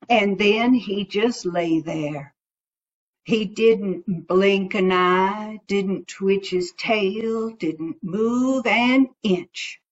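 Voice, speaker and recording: A woman telling a folktale in a slow folksy drawl, on a dull lo-fi recording. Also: mid-range voice. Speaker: storyteller. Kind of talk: folktale storytelling.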